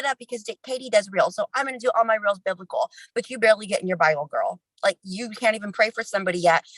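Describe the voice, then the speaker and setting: A woman giving a casual, energetic motivational talk on a livestream, chatty, with quick asides and self-interruptions. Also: mid-range voice, no room sound, rough recording. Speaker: team leader sharing a conference recap.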